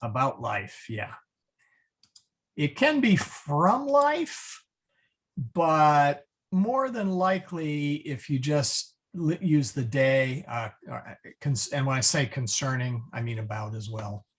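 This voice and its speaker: Man, Latin teacher, slow speech, husky voice, halting explanations, chuckles at himself. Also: fairly high pitch, big pitch swings. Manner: halting, lots of ums, chuckles at own slips. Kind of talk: online class instruction.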